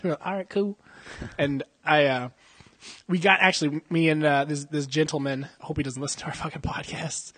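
A young man with a somewhat high, husky voice rambles through crude stories on a podcast, swearing constantly and breaking into laughter. The sound is close and dry. He is talking casually at an indoor jiu-jitsu gym. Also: fairly even intonation, fairly quick, fairly bright tone, no echo. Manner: profane, rambling storyteller who laughs often. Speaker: podcast co-host. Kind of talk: casual chat. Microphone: podcast mic.

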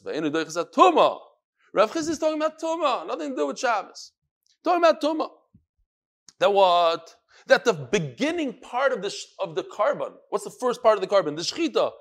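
A man teaching a Talmud class, explaining the text in an animated way, calling on students and reading Aramaic phrases in a singsong. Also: high voice. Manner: animated, switches between English and chanted Aramaic phrases, calls on students. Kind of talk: lively classroom Gemara lesson.

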